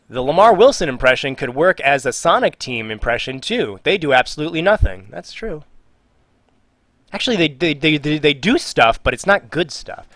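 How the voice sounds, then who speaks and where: Very animated, a man with a slightly high, fairly bright voice speaks at a moderate pace with no echo. He hosts casual live-stream chat, reading viewer questions aloud and joking his way through answers, trailing off and muttering as he works.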